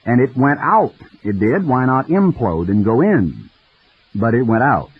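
A man preaching a radio sermon in a folksy, storytelling manner, with a husky voice. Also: mid-range voice, very animated, unhurried. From United States. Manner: folksy storytelling, mimics voices in quoted dialogue. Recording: dull lo-fi radio broadcast.

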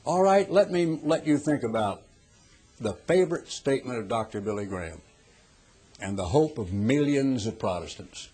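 A middle-aged man from the United States preaching a television sermon, husky, swinging from hushed to loud and pressing rhetorical questions. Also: medium pitch, animated, moderate pace.

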